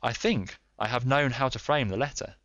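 A man reading a calm, stern middle-aged detective who speaks in a measured, authoritative way. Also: mid-range voice, no echo, muffled recording, voice pushed up, lightly acted. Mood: confident.

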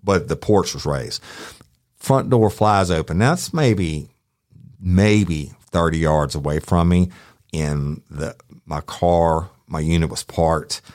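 A man's voice: low-pitched, slow, a little mellow, no room sound, clean studio sound. A middle-aged man, a former deputy, rambling through a profane true-crime story and acting out the quotes. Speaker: podcast host, former sheriff's deputy.

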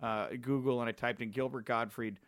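A man hosting a podcast, telling a story in a casual, excitable way and laughing often. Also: medium pitch, brisk, no echo, clean studio sound. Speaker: podcast host.

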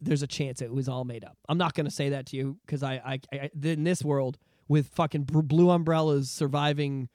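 A man in his thirties co-hosting a casual podcast, an excitable storyteller who swears freely. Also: on the high side, a little fast, few pauses, dry recording, studio quality. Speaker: podcast co-host.

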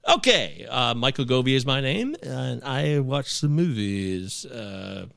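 Guy hosting a movie podcast, rambly, gravelly voice, pretty bright, dry close mic. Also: medium pitch, lively intonation, no room sound. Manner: rambling, self-interrupting, quick laughs. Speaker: podcast host. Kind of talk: casual live podcast chat.

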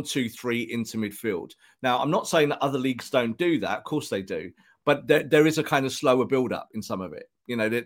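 Male football pod co-host, mid-pitched, animated, drops into quick put-on voices for imagined remarks. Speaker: podcast co-host. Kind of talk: casual football podcast chat. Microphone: podcast microphone.

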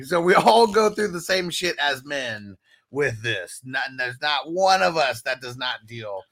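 Bright-voiced man joking through chat comments. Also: mid-range voice, animated, a little slow. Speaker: co-host. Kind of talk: casual podcast chat.

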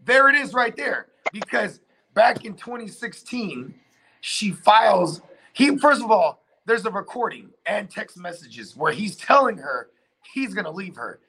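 A man's voice: sits high, sing-song, measured pace, sharp tone. A man hosting a casual chat, telling a long story loosely with lots of fillers and swearing. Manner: rambling storyteller, heavy filler and profanity.

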